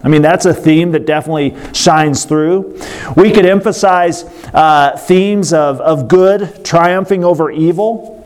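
A man's voice: on the high side, a little mellow. A man preaching a sermon, telling a story earnestly and breaking off for casual asides to the congregation.

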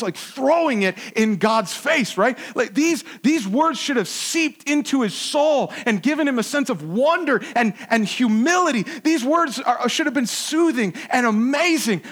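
In a high-pitched male voice, a pastor gives an earnest sermon in a conversational tone. He keeps restarting and moves between loud, emphatic moments and soft asides.

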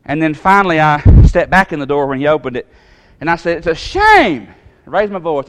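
A man tells a personal story from the pulpit. His voice sits a little high, and he acts out each voice, swinging between loud outbursts and quiet asides. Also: sing-song, fairly quick, hardly any pauses. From Tennessee. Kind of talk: storytelling sermon.

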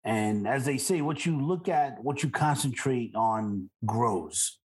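A man's voice: medium pitch, slow. Chatty male podcast host. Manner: relaxed, chatty, shares personal anecdotes. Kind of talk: casual conversation.

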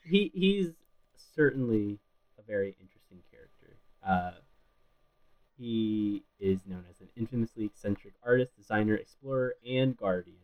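A man's voice: fairly low pitch, expressive, normal speed, a little mellow, rough recording. A man co-hosting a podcast, explaining background details from his notes in casual chat. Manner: informative, reading from notes. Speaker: podcast co-host.

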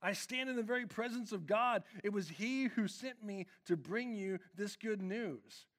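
A man's voice: sits high, fairly bright tone, voice pushed up. A man voicing a male angel messenger who is exasperated and commanding, speaking emphatically. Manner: incredulous, emphatic, drawn-out.

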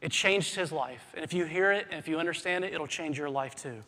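A man preaching a sermon as pastor, swinging between hushed, quiet passages and loud, urgent emphasis. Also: fairly high pitch, brisk. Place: church sanctuary. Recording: long hall reverb.

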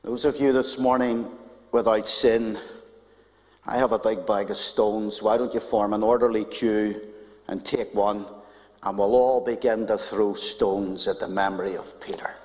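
A man preaching a sermon as a pastor, animated and conversational with touches of humor, in a church. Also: lowish voice, unhurried. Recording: long hall reverb.

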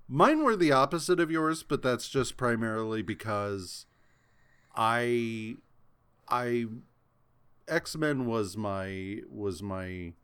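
A man's voice: mid-range voice, a bit bright, smooth. A man co-hosting a podcast, chatting casually about comics in a laid-back, rambling way. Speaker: podcast co-host.

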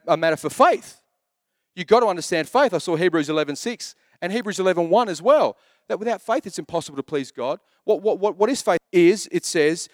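A middle-aged man preaching a sermon as a pastor, animated, repeating key phrases and acting out little asides. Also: sits high, dry recording, studio quality.

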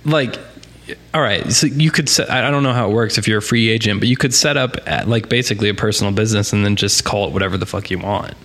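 A man's voice: fairly low pitch, fast talker, a bit bright. A man hosting a casual podcast, joking and swearing offhandedly. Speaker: podcast host.

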